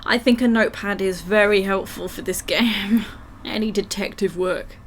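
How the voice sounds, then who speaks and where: A woman with a croaky throat chatting with her live chat while reading game text aloud. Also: mid-range voice, steady tone, normal speed, slight background noise. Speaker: livestream gamer.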